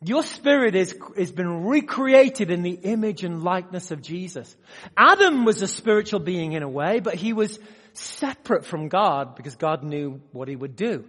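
A man preaching a sermon to a live audience, swinging between loud emphatic bursts and quiet asides and often putting questions to the room. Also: high-pitched, expressive, normal speed. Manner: asks the audience direct questions. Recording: long hall reverb.

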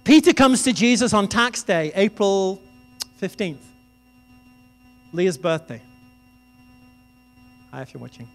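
A man's voice: sits high, lively intonation, slow pace, pauses often. A man preaching a sermon in a conversational, storytelling way. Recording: reverberant hall with music behind.

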